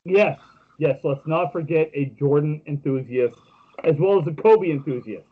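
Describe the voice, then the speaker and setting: Husky higher-voiced man, joking podcast host. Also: normal speed, phone-quality sound. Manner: joking storyteller with many fillers. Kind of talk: casual podcast chat.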